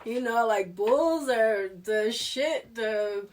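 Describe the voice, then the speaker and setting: A woman's voice: a little high, extremely slow, recorded from a distance, slight background noise. A woman tarot reader in a casual spiritual chat, rambling and restarting her sentences, often breaking into laughter.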